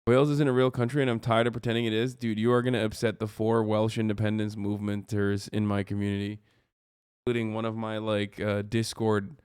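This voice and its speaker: A man's voice: fairly low pitch, level tone, brisk, darkish tone, clear, resonant tone, dry recording, clean studio sound. Profane, sarcastic male streamer. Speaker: streamer host. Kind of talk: casual reaction stream.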